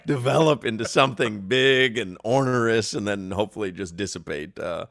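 A man with a lowish voice co-hosts a radio show, joking between live ad reads. The sound is close and dry, straight off a studio mic. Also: moderate pace, gravelly, a bit bright, no echo. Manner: joking, laughs often, reads sponsor copy.

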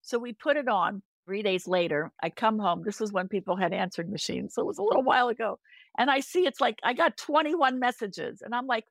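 An older woman, a podcast guest, telling stories in casual chat, animated and lively, acting out quoted voices. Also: brisk, creaky, no echo. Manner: animated, acts out quoted voices with big pitch jumps.

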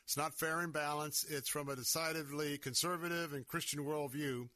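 A man's voice: fairly high pitch, fairly even intonation, normal speed, pushed and bright, no room sound. A man hosting a conservative talk radio show from a studio, speaking emphatically and sounding worked up. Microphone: studio microphone.

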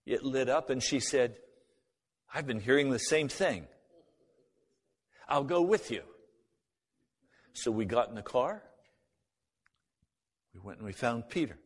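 Man telling a testimony in a reverberant hall. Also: medium pitch. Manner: acts out both sides of remembered conversations. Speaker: speaker giving a personal testimony. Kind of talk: spoken testimony storytelling.

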